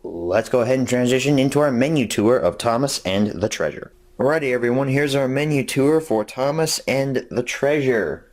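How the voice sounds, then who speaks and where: A man hosting his own review videos, talking in a casual, upbeat way and rambling with fillers as he walks through a product. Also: medium pitch. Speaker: host of a video review series.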